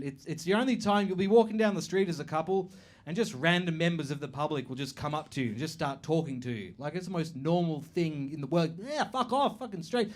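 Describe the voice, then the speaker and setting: A high-voiced man performing stand-up on a club stage. He swears freely and slips into mocking impressions of strangers. His delivery is animated and loose, with the laughter of a live audience around him. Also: a little hiss or hum. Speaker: stand-up comedian. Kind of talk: stand-up comedy set.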